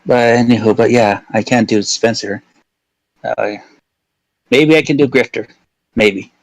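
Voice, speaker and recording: A man's voice: medium pitch, a little slow, no room sound, poor audio. A man chatting casually as a guest on a stream, hesitant and self-conscious.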